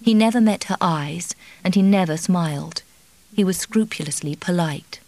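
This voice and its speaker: Woman narrating, low and dry. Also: normal speed, dark tone, no echo. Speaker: audiobook narrator. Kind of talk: scripted narration.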